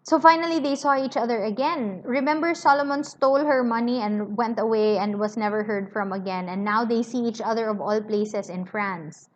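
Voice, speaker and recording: A woman teacher reads a novel aloud to her class and stops often for chatty reminders. Her voice sits fairly high. The recording is dull and lo-fi. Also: moderate pace, few pauses.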